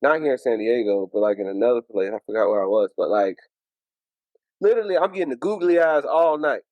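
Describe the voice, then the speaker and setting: A man with a country Southern US drawl, talking in a relaxed, story-driven way on a podcast. His voice sits at an ordinary middle pitch. The studio sound is dry and close. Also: brisk, no echo, lo-fi sound. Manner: laid-back storytelling with acted-out quotes. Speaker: podcast co-host. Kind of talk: casual chat.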